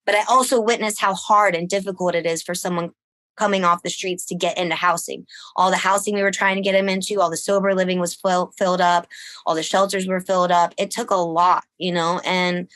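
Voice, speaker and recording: A woman's voice: brisk, no echo. A woman guest, a musician, telling a story in a casual podcast chat, laughing often and acting out what people said. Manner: animated, laughs often, acts out quotes in a higher voice.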